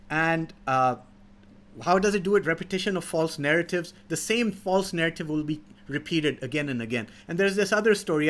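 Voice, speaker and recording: A man giving a moral talk to young people, telling stories with many fillers and restarts. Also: on the high side. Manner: halting, many fillers, animated storyteller. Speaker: speaker in a youth teaching series.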